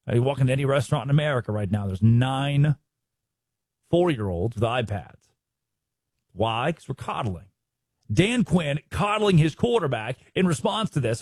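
A man hosting a sports talk show, giving animated, opinionated commentary and mocking the people he talks about. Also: on the high side, breathy edge, no room sound. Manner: animated, mocking impressions of others.

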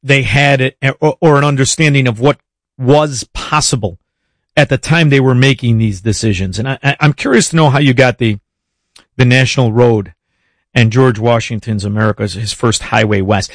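A man's voice: mid-range voice, normal speed, no room sound. A man hosting an interview, asking long, impassioned, rambling questions. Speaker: interview host. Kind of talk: conversational interview.

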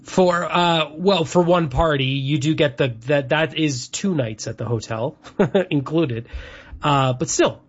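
Chatty husky man, rambling. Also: fairly high pitch, a little slow. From Canada. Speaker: host. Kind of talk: casual chat. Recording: dull lo-fi sound.

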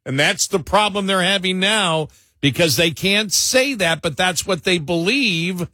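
A man co-hosting a talk radio show, giving opinionated commentary with chuckles and quick repeated asides. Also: high voice, bright, forceful tone, dry recording, studio quality. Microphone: studio mic.

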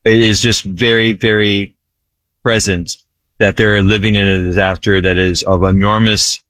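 A man's voice: lowish voice, level tone, measured pace, a bit bright, no room sound. Guy talking about relief work in an interview, earnest, repeats himself a lot, dry close sound. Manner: emphatic, repeats phrases, frequent "right?". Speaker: disaster relief ministry worker.

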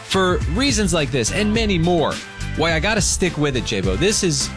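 A man hosting a radio show, bantering casually and reacting slowly and easily to his co-host. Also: a little high, sing-song. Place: radio studio. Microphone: studio microphone. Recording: music bed under speech.

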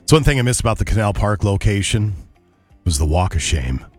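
A man's voice: lowish voice, lively intonation, a little fast, breathy edge, no echo, faint music behind. A man hosting a morning radio show, chatty and wry, reading ads and news. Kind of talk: casual radio banter and live reads.

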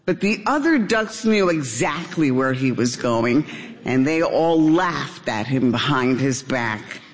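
Slow, expressive older woman storyteller. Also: a bass voice, big-room sound. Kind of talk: storybook reading.

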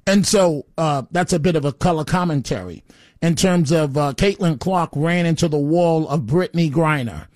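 A man's voice: on the high side, normal speed, a little mellow, no echo, studio quality. A man hosting a call-in talk radio show, rambling and opinionated, often stammering as he restarts his sentences.

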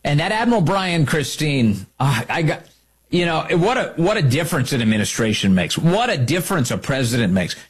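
A man's voice: on the high side, sing-song, brisk, slightly rough. A man hosting a talk show, delivering an emphatic, opinionated monologue and repeating key lines for effect.

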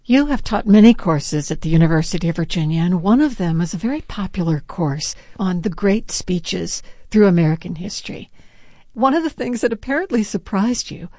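A woman interviewer asking calm, measured questions. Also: lowish voice, no echo, studio quality.

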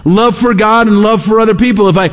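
A man's voice: high-pitched, fairly even intonation, fast talker, long reverb tail. A man preaching a sermon, emphatic and repeating his key phrases. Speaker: pastor.

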